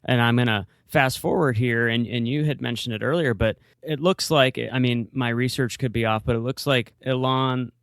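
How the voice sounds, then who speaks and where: A man hosting a podcast interview, speaking softly and hesitantly with many fillers. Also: medium pitch, smooth, no room sound, clean studio sound. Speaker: podcast host.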